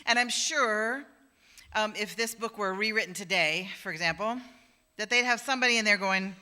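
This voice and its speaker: A woman's voice: mid-range voice, normal speed, sharp tone. A woman minister giving a conversational sermon in a church, acting out the voices she quotes. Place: church sanctuary.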